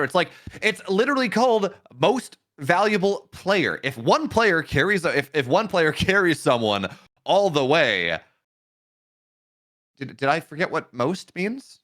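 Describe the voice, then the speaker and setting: A man's voice: on the high side, big pitch swings, a little slow, fairly bright tone. A man in a casual esports chat, arguing with incredulous sarcasm.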